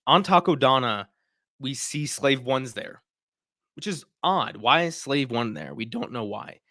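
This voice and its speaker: A man's voice: medium pitch, animated, unhurried, sharp tone, no room sound, studio quality. A man hosting a casual livestream, chatting and reacting to viewer comments. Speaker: livestream host.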